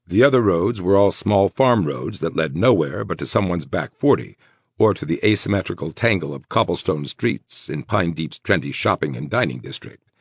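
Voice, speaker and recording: A man narrating a horror novel audiobook in a measured storytelling manner. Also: low-pitched, expressive, breathy edge, dry recording.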